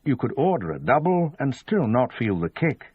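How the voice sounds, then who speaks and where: Male audiobook reader, measured and animated in pitch; dry, lo-fi sound. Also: husky, no echo. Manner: measured storytelling. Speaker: audiobook narrator. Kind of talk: scripted narration.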